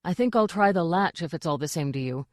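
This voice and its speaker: A woman voicing a gentle, polite male king who was once a jester. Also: fairly low pitch, animated, fast, no echo, clean studio sound, close to an everyday voice. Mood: fretful. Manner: soft, polite, fretful.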